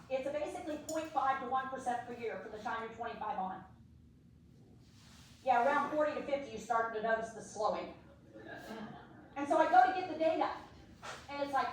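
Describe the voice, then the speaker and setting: A middle-aged woman giving a live training talk on dementia care, animated and playful, acting out little voices. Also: high-pitched. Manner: animated, acts out voices for laughs. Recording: echoey hall from far off, faint noise.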